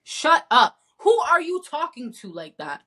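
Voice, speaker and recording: A woman co-hosting a podcast, talking in a blunt, profane, animated rant. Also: high-pitched, measured pace. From not from the American South. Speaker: podcast co-host. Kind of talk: casual chat.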